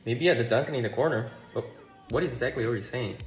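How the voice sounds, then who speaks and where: Gruff puzzled male visitor played by a woman, deep put-on voice, roomy sound. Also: fast talker, soft background music.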